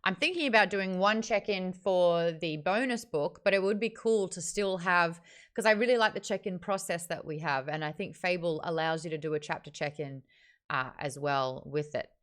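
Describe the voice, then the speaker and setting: Woman, livestream book club host, bright and crisp, chatty. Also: fairly low pitch, normal speed. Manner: chatty and animated, jumps between topics. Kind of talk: casual livestream chat.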